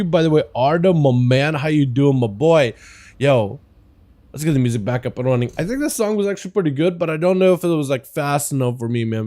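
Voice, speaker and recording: A man's voice: a little high, dark tone. A man from Russia with a slight Russian accent, chatting casually as a game streamer in a slangy, laid-back way. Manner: slangy and laid-back, greets chat with "yo" and "boys". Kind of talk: casual livestream chat. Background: faint music.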